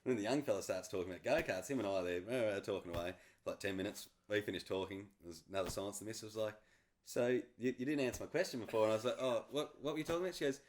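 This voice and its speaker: Fast-talking man from New Zealand. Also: fairly low pitch. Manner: animated, laughs often while telling stories. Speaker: podcast guest. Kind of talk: casual storytelling chat.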